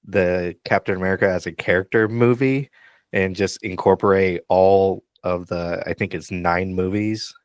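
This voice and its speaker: Man, very low voice, middle-aged pastor, relaxed rambling chat, dry close sound. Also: moderate pace, no room sound. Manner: relaxed, hesitant with frequent ums, laughs easily. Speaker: pastor and co-host. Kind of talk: casual podcast chat. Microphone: video call.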